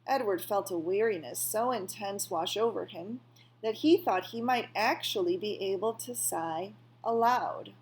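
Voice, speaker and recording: Woman, storybook read-aloud, calm measured narration, unhurried pace. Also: medium pitch. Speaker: reader. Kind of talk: reading a children's novel aloud.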